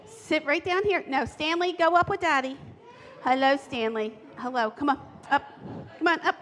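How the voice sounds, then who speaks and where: A woman speaks at a normal speed in a high, somewhat bright voice, coaxing kids to settle down and play a game during a playful children's time in a church service. The sound comes from a handheld or lapel mic in a church sanctuary, with long reverb.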